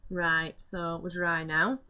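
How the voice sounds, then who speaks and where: A woman's voice: lowish voice, level tone, slow, lo-fi sound, a little hiss or hum. A woman, chattily explaining each step of a live craft demonstration as she works.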